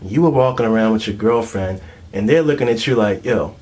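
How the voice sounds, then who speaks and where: A man's voice: on the low side, brisk, darkish tone. Crude slangy young man ranting. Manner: crude, filler-heavy, streetwise slang. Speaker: comedian. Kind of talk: comedic monologue rant.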